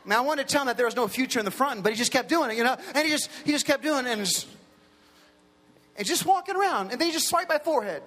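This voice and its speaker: A man in his forties preaching a lively storytelling sermon, acting out the people in his stories. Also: very high voice, fast. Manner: animated, impersonates characters in his stories. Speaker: pastor. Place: large hall with an audience. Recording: long hall reverb.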